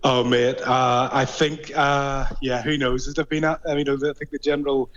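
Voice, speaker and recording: A man's voice: medium pitch, flat delivery, normal speed, fairly bright tone. Belfast man on a dull lo-fi line. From Northern Ireland. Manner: hesitant, many ums and restarts. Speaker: guest rugby journalist. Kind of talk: casual radio interview chat.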